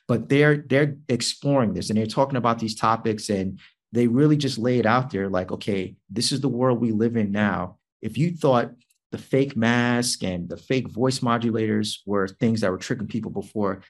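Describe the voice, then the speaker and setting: A man co-hosting a tech podcast, talking casually and musing aloud with frequent fillers and restarts. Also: mid-range voice. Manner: musing, hesitant with many fillers. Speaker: podcast co-host.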